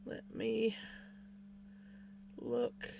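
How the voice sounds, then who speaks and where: A woman's voice: medium pitch, sing-song, drawn-out words, creaky, background noise. A woman streamer chatting casually with her viewers while she crochets, greeting them by name and yawning now and then. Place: home room with a fan. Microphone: desk microphone.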